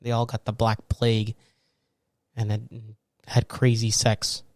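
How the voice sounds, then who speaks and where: A man hosting a podcast, telling a long, animated story in a casual way and acting out the people in it with laughs and shouts. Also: lowish voice, unhurried, no room sound, studio quality. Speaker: podcast host.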